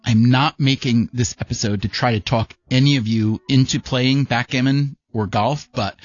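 A man hosting a podcast, narrating in a measured, reflective way and interviewing a guest. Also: mid-range voice, husky, no room sound, muffled recording. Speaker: podcast host.

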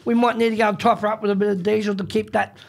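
A man's voice: high-pitched, level tone, rapid-fire, creaky. A man with an Australian accent hosting a casual afternoon radio show, laid-back and folksy, repeating himself. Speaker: radio host.

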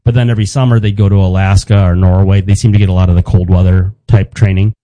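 A man in his fifties telling a family story in casual chat, wry and halting, with frequent restarts. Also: sits low, flat delivery, warm tone, dry recording, low-quality recording. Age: 50s.

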